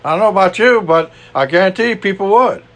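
The older Cajun-accented preacher here talks briskly in a high, slightly bright voice. He keeps the sermon conversational, throwing in asides, rhetorical questions and frequent "you know"s.

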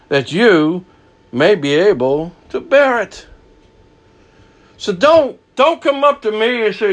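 Man preaching, folksy, fiery, slightly high voice, hushed then loud. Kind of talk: sermon.

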